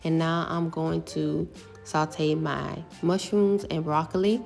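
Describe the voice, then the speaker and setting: Deep voiced woman with a bit of fry, walking thru her cooking, soft music behind. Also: takes it slowly. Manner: relaxed, step-by-step explaining with fillers. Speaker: home cooking vlogger. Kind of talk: casual cooking voice-over.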